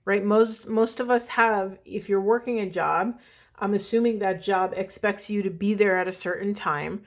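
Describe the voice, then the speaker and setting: A woman's voice: medium pitch, steady tone, moderate pace. A woman giving an earnest, reflective spiritual reading, partly a guided meditation, who often checks in with her listeners and draws out key words. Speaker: spiritual reader and coach.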